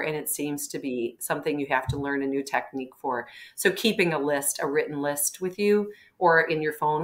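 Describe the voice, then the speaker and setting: A woman doctor with a low voice gives advice on a live webinar, talking in an animated, hands-on way. She clears her throat now and then, over a video call. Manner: animated, acting out patients' words, frequent throat clearing. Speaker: physician guest.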